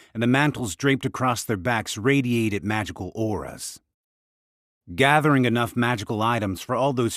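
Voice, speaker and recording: Expressive male audiobook narrator. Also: mid-range voice, no room sound, studio quality.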